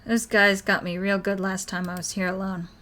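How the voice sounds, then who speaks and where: A woman's voice: medium pitch, little pitch movement, normal speed, fairly bright tone, lightly acted. A wisecracking young ghost hunter, read by a woman. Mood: teasing. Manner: joking, offhand.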